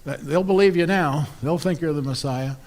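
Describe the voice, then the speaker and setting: A preacher voicing the devil as a breezy, bargaining tempter in a sermon story. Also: male voice, normal speed, a little mellow, natural voice. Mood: coaxing. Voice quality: breezy, wheedling salesman pitch.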